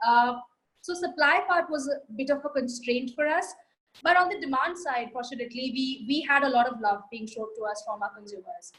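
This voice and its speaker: High-voiced confident Indian English woman. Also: fairly bright tone, poor audio. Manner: brisk, confident, lists points. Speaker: marketing guest speaker. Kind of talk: live Q&A answer.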